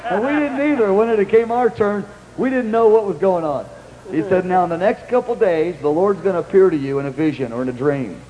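A man's voice: sits high, brisk, dull audio. Man eagerly retelling a shared story. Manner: lively retelling, acting out quotes, prompting the other man. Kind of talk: conversational retelling. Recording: long hall reverb with faint hum.

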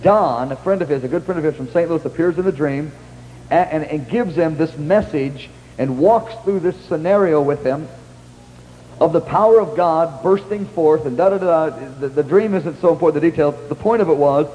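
Here a man gives a storytelling sermon at a moderate pace, his tone warm and his pitch fairly high. He rambles from anecdote to anecdote, restarting and voicing what others said, in a low-quality recording with a big-room sound and slight hiss or hum.

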